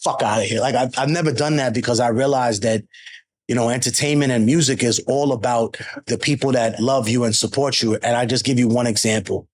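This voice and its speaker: A man's voice: medium pitch, fairly even intonation, fairly quick. A man speaking as a podcast guest with a mid-range voice. He talks bluntly and emphatically and swears freely in casual conversation. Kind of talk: casual interview talk, storytelling.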